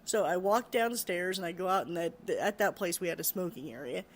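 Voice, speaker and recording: A woman recounting a frightening experience from her care work, halting, repeating words and laughing nervously. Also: lowish voice, lively intonation. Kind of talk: personal storytelling.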